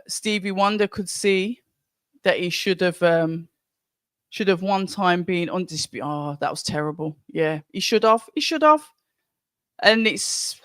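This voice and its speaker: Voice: mid-range voice, fairly bright tone, no echo, studio quality. Chatty Birmingham-accented stream host. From Birmingham, England. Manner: chatty, rambling, greets viewers by name. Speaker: livestream watch-along host. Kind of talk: casual live commentary and chat reading.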